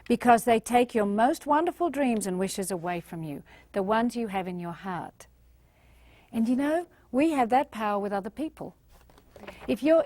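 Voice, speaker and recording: A woman's voice: a little high, warm tone, dry recording. A woman from Australia, giving a motivational talk and acting out the voices she quotes. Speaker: motivational speaker.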